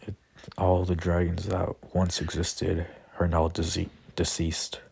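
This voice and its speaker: A man voicing a lonely ancient male dragon who speaks calmly and matter-of-factly. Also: sits low, slow pace, vocal fry, a little hiss or hum, full character voice. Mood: solemn. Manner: calm, matter-of-fact.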